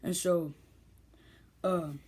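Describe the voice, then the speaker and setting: A woman's voice: fairly low pitch, steady tone, extremely slow, crowd noise. A woman vlogger telling a story in casual, rambling, slangy speech with lots of restarts.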